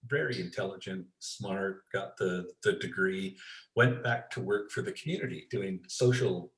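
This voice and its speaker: A man being interviewed as an expert, telling stories in a relaxed way and acting out the voices of the people in them. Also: deep voice, normal speed, echoey room, rough recording. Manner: storytelling, acts out quoted voices, many restarts. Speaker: guest expert. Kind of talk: conversational interview storytelling.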